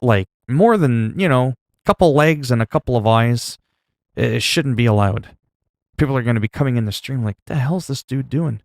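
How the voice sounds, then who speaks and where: Rambling, low-voiced male streamer. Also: moderate pace, vocal fry, dry recording, studio quality. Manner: rambling, with many fillers and self-corrections; gets loud and higher when reacting in disgust. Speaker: livestreamer. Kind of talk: casual chat to a stream audience.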